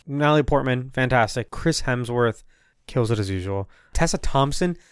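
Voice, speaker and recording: Lively smooth-voiced man chatting films. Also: mid-range voice, moderate pace, no echo, studio quality. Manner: animated, swears freely, jokey. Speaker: podcast co-host. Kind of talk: casual film review chat.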